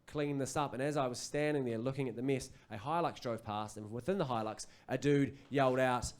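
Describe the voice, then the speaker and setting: A man in his thirties with a New Zealand accent, performing a stand-up comedy set on a club stage and rambling through an anecdote full of animated asides. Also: medium pitch, brisk.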